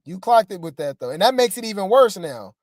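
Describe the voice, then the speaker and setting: A woman hosts a casual gossip commentary, sassy and chatty, with a habit of repeating herself for effect. Her voice sits at a middling pitch and sounds dry and close to the mic. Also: big pitch swings, brisk, darkish tone, no echo.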